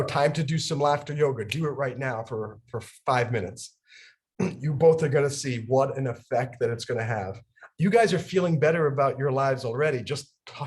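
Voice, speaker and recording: A young adult man from New York leads laughter yoga on a video call. He talks with bubbling energy, laughs through his sentences and chants ha-ha to get people going. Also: mid-range voice. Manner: animated, laughs through his words, bursts into loud ha-ha chanting. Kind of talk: energetic instructional talk.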